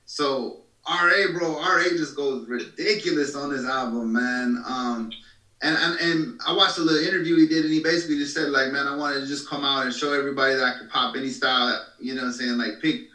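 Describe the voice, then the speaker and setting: A man's voice: medium pitch, a little fast, bright, forceful tone. A man who writes songs, talking in a casual podcast chat, full of fillers and "you know what I mean.". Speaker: podcast co-host, songwriter. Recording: roomy, distant mic.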